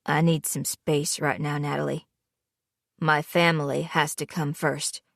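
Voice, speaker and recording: A woman's voice: level tone, measured pace, creaky, no room sound, clean studio sound, heavily acted. A woman doing a cold, bitter young man. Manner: curt, bitter, low-voiced. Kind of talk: audiobook character voice.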